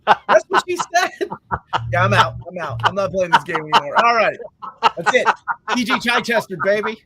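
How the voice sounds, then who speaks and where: A man hosting a casual panel chat, animated and self-mocking as he stumbles over names. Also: high voice, moderate pace, slightly rough. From Kentucky. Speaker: host.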